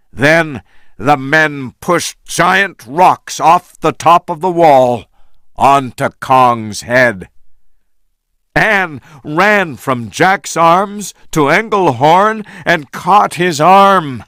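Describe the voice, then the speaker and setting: A man reading a story aloud for English learners, slow and deliberate. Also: a little high, dry recording, clean studio sound. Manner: slow, deliberate, lively intonation. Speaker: story reader.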